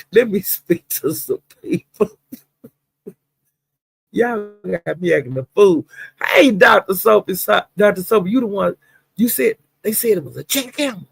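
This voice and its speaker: A woman hosting a casual livestream, chatting and laughing, greeting viewers by name with drawn-out exclamations. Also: mid-range voice, expressive, vocal fry, breathy edge, dry recording. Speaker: livestream host.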